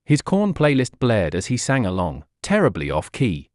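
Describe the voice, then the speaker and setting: A man narrating a comic adventure story in a lively storytelling manner. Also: mid-range voice, moderate pace, few pauses, no room sound, studio quality.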